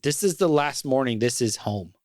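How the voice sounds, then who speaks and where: A man's voice: mid-range voice, expressive, moderate pace, darkish tone, no room sound. Middle-aged man, podcast chat, earnest and reflective, mid-range voice, dry close mic. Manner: earnest and reflective, talks about fatherhood with feeling. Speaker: podcast co-host. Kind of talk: casual podcast conversation.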